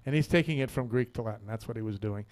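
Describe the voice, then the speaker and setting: A man's voice: mid-range voice, fast, a little mellow. A man hosting a radio talk show, chatting casually and telling a rambling joke, laughing often and repeating words as he goes. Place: radio studio.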